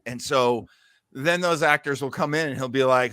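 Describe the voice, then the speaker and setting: A man hosting a casual podcast chat, explaining things in a musing way and pausing often to find his words. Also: medium pitch, bright, forceful tone, dry recording, clean studio sound. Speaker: podcast host. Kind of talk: casual chat about old radio.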